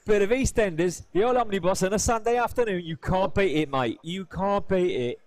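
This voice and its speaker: Man doing a brash Cockney geezer impression: pitched up, loud, jokey rhyming slang. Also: fairly quick, no room sound, close to an everyday voice. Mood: jokey banter. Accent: Cockney put-on. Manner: playful rhyming-slang banter.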